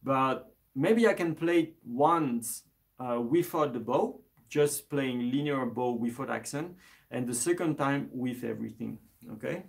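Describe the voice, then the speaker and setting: Gravelly-voiced man teaching a live lesson. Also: medium pitch, a little slow. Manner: relaxed, hesitant, many restarts and fillers, chuckles. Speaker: music teacher. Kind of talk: live-streamed instrument lesson.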